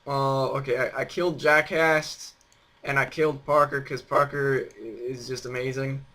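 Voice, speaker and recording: A man's voice: mid-range voice, steady tone, normal speed, bright, forceful tone. A young man hosting a casual chat on a voice call, rambling and teasing with lots of fillers. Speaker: host.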